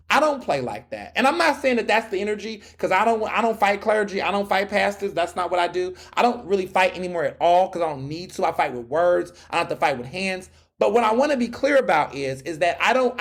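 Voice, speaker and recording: Sassy high-voiced man in his thirties. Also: vocal fry. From United States. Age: 30s. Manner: sassy, animated, mocking retorts. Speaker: podcast host. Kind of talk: solo commentary podcast.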